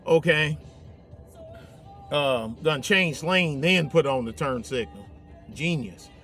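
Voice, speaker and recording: A man's voice: a little high, lively intonation, takes it slowly, a bit bright. Man vlogging from his truck, light voice, loose rambling delivery, faint music behind. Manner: rambling, drawling, trails off with fillers. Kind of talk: casual storytelling while driving.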